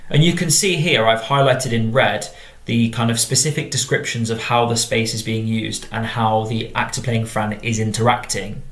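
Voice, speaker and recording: An English drama teacher reads out model exam answers and explains them in a measured tone. His voice is medium-pitched and fairly bright, recorded in an echoey room.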